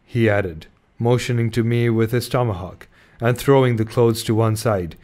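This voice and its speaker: A man reading a classic novel aloud in a measured way, with small slips now and then. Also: on the low side, steady tone, darkish tone. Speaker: audiobook reader.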